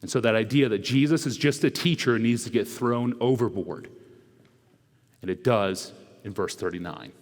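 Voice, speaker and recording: A male preacher giving a conversational sermon, tossing in rhetorical asides and swinging between loud, quick bursts and hushed, slow lines. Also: mid-range voice. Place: church sanctuary. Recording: echoey church hall.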